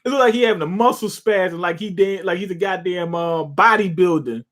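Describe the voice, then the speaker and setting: A man's voice: sits high, brisk, a bit bright. A young man casually reacting to a comic chapter live, retelling scenes with swearing, jokes and laughter. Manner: loose, profane, jokey retelling with laughs. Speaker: manga reaction streamer.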